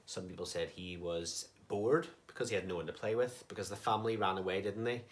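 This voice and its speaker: A man's voice: low voice, brisk. A man teaching a recorded online lesson to young children, patient and sing-song, with questions that rise at the end. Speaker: primary school teacher.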